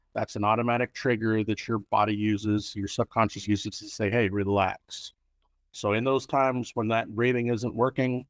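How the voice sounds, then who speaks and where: Low-voiced rambling male host. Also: no room sound. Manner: rambling, many fillers and restarts, anecdotal. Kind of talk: interview talk.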